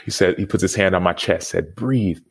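Earnest man with a very low voice. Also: level tone, quick pace, gravelly. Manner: earnest, reflective storytelling. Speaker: podcast guest, former football player. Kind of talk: storytelling interview answer.

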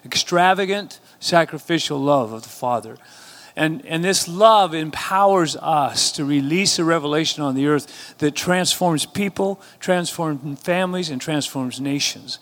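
A man's voice: on the high side, a little slow, a bit bright. A man pastoring his church, preaching a sermon and rising to emphatic call-and-response exhortations. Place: church sanctuary.

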